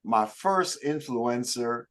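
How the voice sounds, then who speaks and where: Slow, emphatic male motivational coach. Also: medium pitch, animated, a bit bright. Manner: emphatic, preacherly, addresses listeners by name. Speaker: network marketing coach. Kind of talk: motivational talk to a group.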